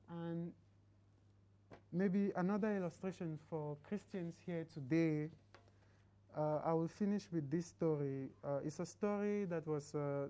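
A woman's voice: low voice, warm tone, low-quality recording. A woman preaching a sermon in a conversational way. She asks the congregation questions and ends with a prayer.

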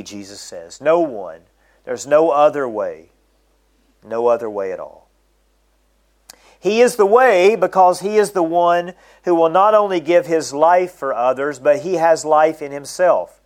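A middle-aged man preaching a sermon, reading scripture aloud and slowing down to stress its key phrases. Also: mid-range voice, a little mellow.

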